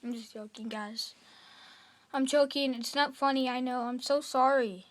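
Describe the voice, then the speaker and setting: A woman's voice: high voice, steady tone, normal speed. A young girl vlogging casually to camera at home, rambling and apologizing a lot, with little giggles. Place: at home in a room.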